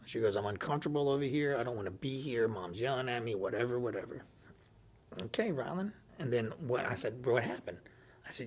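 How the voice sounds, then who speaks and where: Animated man telling a story. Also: medium pitch, brisk, husky. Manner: animated, laughs often, acts out dialogue. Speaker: podcast guest. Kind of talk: casual storytelling.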